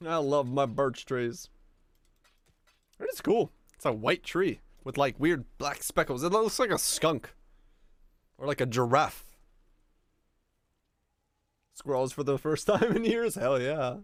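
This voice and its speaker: A man's voice: medium pitch, animated, takes it slowly, pauses often, dry recording, clean studio sound. A young man from Finland, a game streamer, chatting casually with his viewers; he talks in a laid-back way, swears a lot and laughs easily. His is not English. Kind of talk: casual chat with viewers while gaming.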